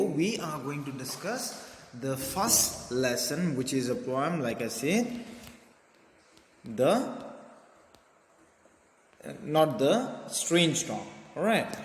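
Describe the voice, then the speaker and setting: A man teaching a poem to a class, explaining simply and repeating key words. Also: mid-range voice. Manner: explains simply, repeats words, says okay and right often. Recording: roomy echo with long reverb.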